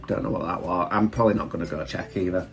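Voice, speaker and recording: A deep-voiced British man rambles cheerfully through his makeup routine, teasing himself along the way. Faint background music plays beneath his relaxed chat at home. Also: fast. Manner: chatty, rambling, self-deprecating. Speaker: drag queen vlogger. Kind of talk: casual get-ready-with-me chat while doing makeup. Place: room at home.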